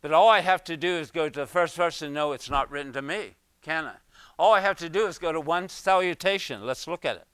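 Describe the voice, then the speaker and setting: Man, Bible teacher, earnest and emphatic sermon delivery, smooth dry voice. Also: fairly high pitch, a little fast, fairly bright tone, no room sound. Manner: earnest, emphatic, asks the listeners questions.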